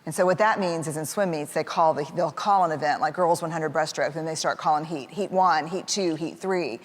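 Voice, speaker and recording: A woman's voice: low-pitched, brisk. Chatty woman in an echoey hall. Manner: chatty, with lots of fillers and laughs; acts out voices of family members in quotes. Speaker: parent telling a personal story. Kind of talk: casual personal storytelling talk. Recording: echoey hall with faint background noise.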